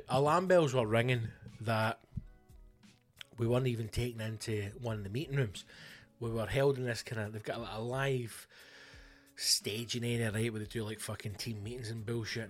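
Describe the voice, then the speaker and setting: Scottish male comedian-host, mid-range voice, foul-mouthed ranting storyteller. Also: mid-range voice. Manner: sweary, blunt, ranting. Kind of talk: casual comic storytelling monologue.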